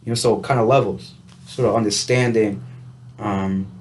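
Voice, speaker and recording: A man's voice: fairly low pitch, fairly even intonation, moderate pace, darkish tone. A man talking casually to camera in a vlog, rambling through his thoughts on coping with stress, full of restarts and "you know.". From United States. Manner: reflective, laughs lightly now and then. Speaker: vlogger. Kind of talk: casual rambling self-help talk.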